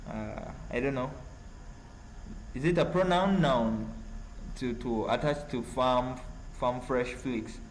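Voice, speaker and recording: A man from Uganda with a Ugandan accent, hosting a casual live stream and reading chat messages in a halting, rambling way full of fillers. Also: mid-range voice, a little hiss or hum, rough recording.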